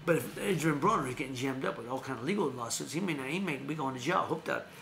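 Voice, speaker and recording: A man's voice: mid-range voice, animated, fast talker, creaky, a bit bright, echoey room, slight background noise. A man hosting a live stream, talking boxing news in a loose, rambling way with frequent restarts and laughs. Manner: rambling, self-correcting, laughs often. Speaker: host. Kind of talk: casual boxing news chat.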